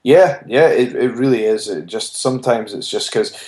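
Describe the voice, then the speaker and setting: A man's voice: mid-range voice, normal speed, a little mellow. A man, a wrestler being interviewed, telling his story earnestly and often restarting his phrases. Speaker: wrestler guest. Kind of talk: casual interview chat. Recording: roomy echo.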